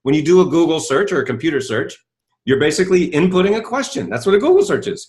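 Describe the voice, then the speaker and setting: A man's voice: on the high side, fast talker. A middle-aged man giving a motivational talk, telling a story and acting out dialogue, with many rhetorical questions. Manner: animated storytelling, acts out dialogue; asks rhetorical questions, says "right?" often. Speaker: self-help speaker.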